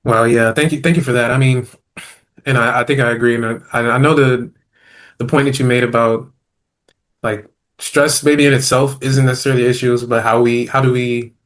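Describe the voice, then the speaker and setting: Man, show host, mid-range pitch; casual and halting, many restarts and fillers. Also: fairly even intonation, fairly bright tone. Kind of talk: casual discussion.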